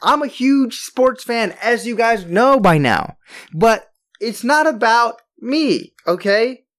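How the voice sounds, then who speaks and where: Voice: sing-song, slow. Emphatic ranting podcast host. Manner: emphatic, ranting, with big jumps in pitch and loudness on stressed words. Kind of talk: opinionated sports podcast monologue.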